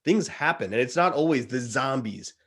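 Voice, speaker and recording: A man's voice: mid-range voice, moderate pace, breathy edge. A man in his thirties, a guest, earnestly retelling a story in casual chat and often calling the listener dude. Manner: earnest, animated retelling, says dude a lot.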